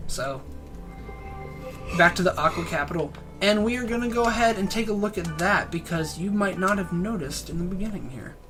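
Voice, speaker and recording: A man's voice: high-pitched, animated, normal speed, over music. A man with a nasal voice, just over a cold, casually commenting while playing and reviewing a game. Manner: joking, rambling, trails off.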